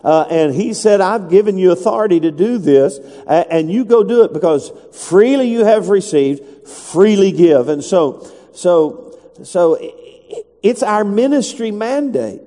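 A man's voice: sits high, animated, measured pace, mellow. A man preaching a sermon, reading scripture aloud in a conversational way and rising to emphatic calls to the congregation. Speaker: pastor. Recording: long reverb of a church hall.

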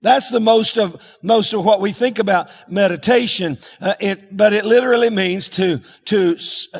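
A man's voice: high voice, creaky, husky, long reverb tail. A man preaching a folksy sermon, asking the congregation to call out words back to him. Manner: folksy, calls for congregation responses. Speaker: pastor.

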